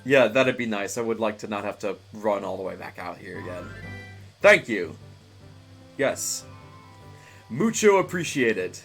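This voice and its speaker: Homme bavard qui commente un jeu. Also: male voice, on the low side, lively intonation, unhurried, gravelly, long pauses, a bit bright, soft background music. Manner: chatty, rambling, laughs often, many fillers. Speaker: game streamer. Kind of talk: casual live-stream commentary.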